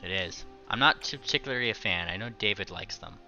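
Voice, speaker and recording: A man's voice: fairly low pitch, animated, fast, sharp tone, highs cut off, soft background music. A man narrating as game master of a tabletop game in a loose, joking way, full of fillers.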